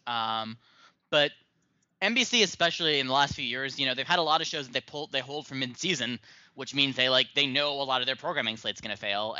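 A man's voice: mid-range voice, pushed and bright, no room sound, highs cut off. A man hosting a podcast in casual chat, rambling and self-mocking with lots of ums and uhs. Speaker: podcast host.

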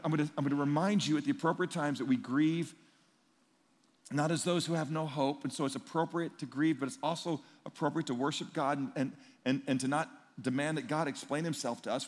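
A male pastor preaching a sermon in a conversational, emphatic way, swinging between loud and hushed. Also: mid-range voice. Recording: long reverb in a large hall.

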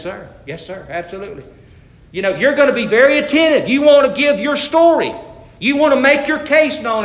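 Bright-voiced preacher in an echoey hall. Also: male voice, sits high. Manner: storytelling, rising to emphatic scripture reading. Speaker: pastor. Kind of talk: sermon.

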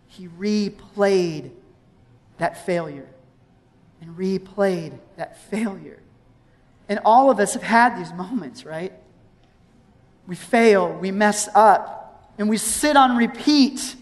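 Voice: medium pitch, takes it slowly. A pastor preaching a sermon, retelling scripture as a story and acting out its scenes. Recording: long hall reverb.

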